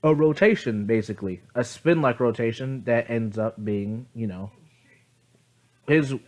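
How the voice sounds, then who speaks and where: A man's voice: mid-range voice, a little slow, a little mellow. Man, casual rambling storyteller, sleepy, heavy fillers and restarts, phone-recorded. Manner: rambling, many fillers and self-corrections, casual swearing. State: sleepy, yawning. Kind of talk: casual improvised fan-story telling.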